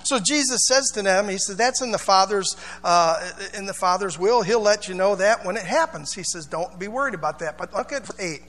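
A man's voice: high voice, normal speed, hardly any pauses, a bit bright, long reverb tail. A male pastor preaching a sermon in a church, chatty and informal, with asides and call-and-response.

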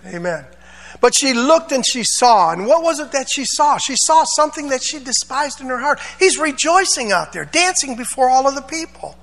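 A man's voice: very high voice, lively intonation, normal speed, creaky, fairly bright tone, big-room sound. A man pastor preaching a sermon, dramatic, acting out voices and drawing amens. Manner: preaching with call-and-response amens; dramatic, acts out voices of Bible figures.

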